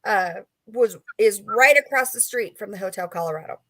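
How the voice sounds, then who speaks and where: A woman's voice: medium pitch, expressive, normal speed, pushed and bright, no echo. A woman author talking as a guest, rambling through a story with lots of fillers. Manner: rambling, filler-heavy, chatty. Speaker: author and paranormal investigator guest. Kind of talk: casual storytelling interview.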